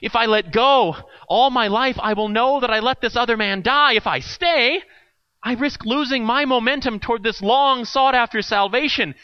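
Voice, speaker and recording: A man's voice: very high-pitched, normal speed, smooth, dull audio. A man voicing an anxious traveler on a bridge who pleads with strained, exasperated questions. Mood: torn.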